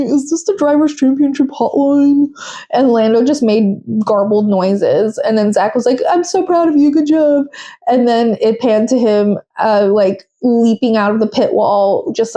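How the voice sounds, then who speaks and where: Young woman, podcast host, casual chat, opinionated, fillers, mellow, fairly high. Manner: chatty, opinionated, with frequent fillers and quoted voices. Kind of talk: casual solo recap chat.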